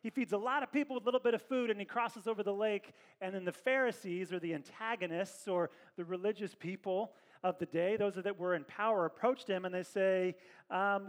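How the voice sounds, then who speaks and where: High male voice, pastor, conversational sermon, animated, church setting. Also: a little fast. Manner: conversational, animated preaching with asides to the congregation.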